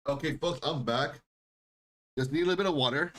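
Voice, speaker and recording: A man hosting a live stock and crypto stream, talking insistently and repeating himself, often clearing his throat. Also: fairly high pitch, brisk, a bit bright. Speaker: livestream stock and crypto host. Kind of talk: live market commentary.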